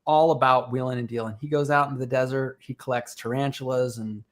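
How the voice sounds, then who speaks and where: A middle-aged man chatting as a podcast guest, telling lively stories and laughing often. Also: mid-range voice, quick pace. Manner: animated storytelling, laughs often. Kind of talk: casual chat.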